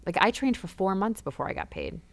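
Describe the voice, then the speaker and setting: A woman from suburban Detroit, a podcast guest, chatting casually in a quick, emphatic and reactive way. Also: medium pitch, huge pitch swings, creaky. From suburban Detroit, USA. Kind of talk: casual chat.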